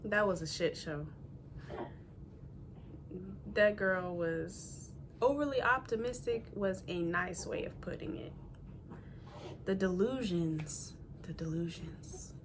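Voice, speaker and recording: A woman's voice: medium pitch, slow, pauses often, noisy background. A woman hosting a reaction video, giving blunt, mocking casual commentary between clips.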